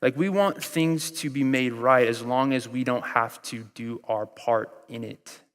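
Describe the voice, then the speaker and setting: An American man in his thirties preaches in a relaxed, conversational way, slipping into other voices as he tells stories. His voice sits at an ordinary middle pitch. The sound carries a long reverb, as if from a large hall. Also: unhurried. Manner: conversational preaching with storytelling and acted-out quotes. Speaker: pastor. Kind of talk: sermon.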